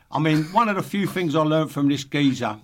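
A man's voice: on the high side, lively intonation, moderate pace. An older man, a guest telling rambling, blunt stories full of swearing and wisecracks. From East London. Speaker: podcast guest, former football player and manager. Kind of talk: casual chat, storytelling.

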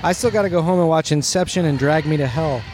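Male co-host, slightly high voice, mischievous absurd banter, courtside. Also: quick pace. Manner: mischievous, absurd, self-mocking. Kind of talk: joking banter. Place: courtside in a warm gym.

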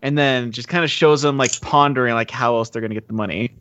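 A man's voice: mid-range voice, fast, a bit bright, dry recording. A man co-hosting a podcast, explaining film scenes in a wry, matter-of-fact way, on a dull, lo-fi mic. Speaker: podcast co-host. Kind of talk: casual film discussion.

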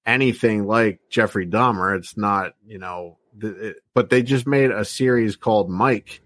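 A male podcast co-host who talks in a relaxed, halting way, often pausing on fillers. His voice sits at an ordinary pitch and sounds dry and close on the mic. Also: no room sound. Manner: laid-back, hesitant, many fillers. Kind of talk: casual podcast banter.

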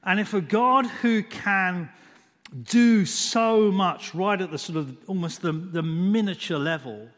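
A man's voice: high voice, fairly bright tone. A man gives a sermon in a slightly raised voice, lingering over single words and leaning on "just" again and again. His voice rings out with a long hall reverb behind it. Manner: unhurried, repeats "just" often, dwells on single words. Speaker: preacher.

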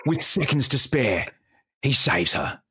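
A man putting on a dramatic male beach-rescue TV narrator voice, deep and punchy. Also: sing-song, unhurried, sharp tone, husky, dry recording, studio quality, heavily acted.

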